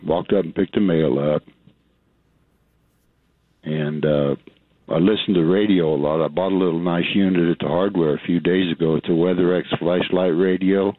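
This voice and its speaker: A retired older man calls a radio show in a tired, plain-spoken way. His voice is very deep. It comes over a dry, phone-like line. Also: steady tone, moderate pace, no room sound. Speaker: caller.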